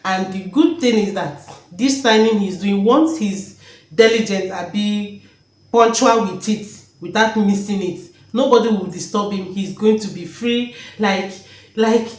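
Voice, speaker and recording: A woman's voice: mid-range voice, measured pace, darkish tone, echoey room, low-quality recording. A woman talking emotionally in a vlog at home, joyful and repeating her words. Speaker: vlogger. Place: home, indoors.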